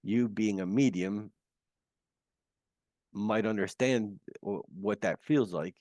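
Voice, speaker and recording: Earnest low-voiced man on a video call. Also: a little mellow, no room sound, studio quality. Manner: earnest, halting, many restarts. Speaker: guest. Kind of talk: recounting a near-death experience.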